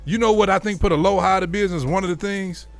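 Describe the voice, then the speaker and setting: A man's voice: high-pitched, quick pace, gravelly. Slangy male radio host reminiscing. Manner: reminiscing, quizzing cohosts in slangy banter. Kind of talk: casual radio chat.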